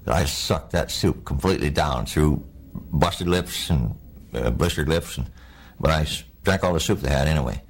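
Gravelly low-voiced older man. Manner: plainspoken, halting storytelling. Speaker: war veteran interviewee. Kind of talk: oral history recollection.

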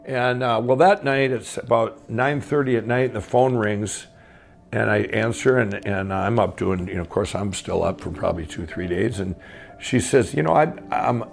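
A middle-aged man tells his own story in a loose, rambling way, circling back with restarts and fillers. His voice is gravelly with a rough edge, and faint music sits behind him. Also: on the low side, fairly even intonation, normal speed. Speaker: guest telling his life story. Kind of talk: casual spoken storytelling.

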